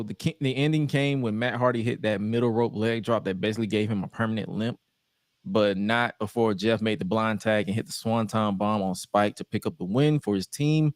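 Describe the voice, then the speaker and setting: Podcast host man, young adult, animated, mid-pitched, dry close sound. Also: no echo. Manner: animated storytelling, frequent laughs. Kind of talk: casual chat recapping wrestling.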